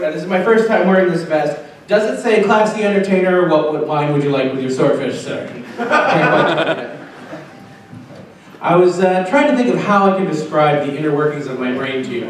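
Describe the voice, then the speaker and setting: A young Canadian man performing a crude, self-mocking stand-up comedy set at a convention, with filler pauses between punchlines. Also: on the high side. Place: convention hotel function room with live audience. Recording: very echoey, distant camcorder sound with faint room noise.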